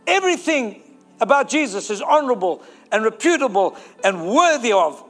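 A man's voice: very high-pitched, very animated, moderate pace, a bit bright, faint music behind. A man preaching a sermon, fervent and exhorting, rallying the congregation to repeat declarations.

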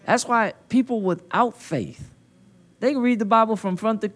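Folksy man preaching at a conference, high voice, swings from quiet teaching to loud exhortation. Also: normal speed. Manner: call-and-response preaching, rising to loud emphatic peaks; folksy, with colloquial phrasing. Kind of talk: sermon. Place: conference hall. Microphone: handheld mic.

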